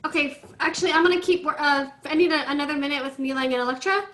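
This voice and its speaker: A woman teaching an online violin class, coaching students through tuning in a brisk, directive way over a video call. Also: high voice, a bit bright. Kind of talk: online group class instruction. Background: faint violin notes from students.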